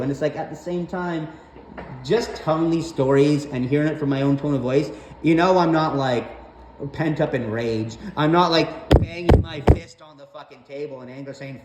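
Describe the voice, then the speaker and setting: A man's voice: fairly high pitch, normal speed, a little mellow. A man telling stories about his mother in a casual, rambling, exasperated rant full of swearing. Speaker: storyteller vlogger. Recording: roomy echo, faint background noise.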